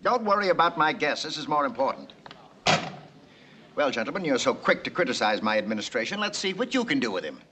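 An actor playing a pompous, indignant city mayor in a 1960s film. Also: male voice, medium pitch, very animated, brisk, heavy background noise, lightly acted. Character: flustered big-city mayor, middle-aged, self-important.

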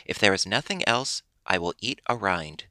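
A man's voice: lowish voice, lively intonation, moderate pace, pushed and bright, no room sound. A man voicing a fretful, greedy wooden puppet boy who wails and complains in a raised, strained voice. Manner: wailing, fretful.

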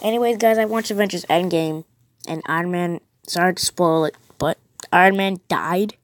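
A woman's voice: fairly low pitch, moderate pace, no room sound. A woman hosting her own storytelling video, breaking off from the story to make chatty, goofy, self-mocking asides. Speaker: storytelling channel host. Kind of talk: casual asides while reading.

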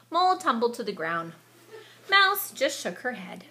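A woman reads a children's picture book aloud at an unhurried pace. Her voice is bright and clear, and it swings up and down expressively as she tells the story. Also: a little high, sing-song.

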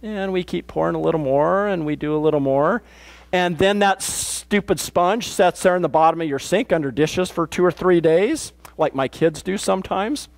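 A man's voice: high voice, moderate pace, creaky. A pastor delivering a conversational sermon in a plain-spoken, matter-of-fact way, often restarting his sentences. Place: church.

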